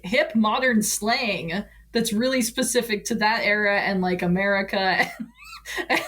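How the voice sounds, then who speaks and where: A woman joins a podcast as a guest and talks in relaxed, casual chat. She laughs often and leans on fillers as she goes. Her voice sits mid-range. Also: medium pitch.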